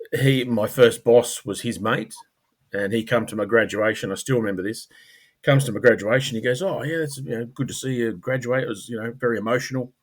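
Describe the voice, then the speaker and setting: A middle-aged Australian man, a former police officer, talking casually as a podcast guest, rambling with fillers and clearing his throat. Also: on the low side. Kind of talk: casual conversational storytelling.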